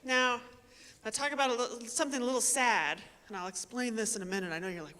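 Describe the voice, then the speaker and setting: A woman giving a personal storytelling talk on stage, animated and self-mocking, speaking straight to the audience through a microphone. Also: a little high, brisk, slight background noise. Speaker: invited speaker. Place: large performing arts hall. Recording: long reverb of a large hall.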